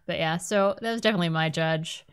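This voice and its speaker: A woman's voice: quick pace, clean tone. Blunt, profane woman podcast co-host. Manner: blunt, profane, ranting with sudden high jumps. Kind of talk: casual chat.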